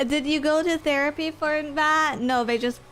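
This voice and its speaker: Woman streamer, playful, self-mocking, quick to laugh, light music bed. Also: sits high, steady tone, a bit bright. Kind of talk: casual chat reading viewer comments.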